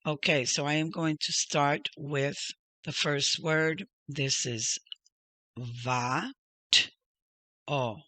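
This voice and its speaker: A man's voice: a little high, fairly even intonation, slow, sharp tone, dry recording. A man teaching a reading lesson, patiently sounding out each syllable and pointing things out step by step. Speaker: Hebrew teacher. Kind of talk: slow spoken lesson.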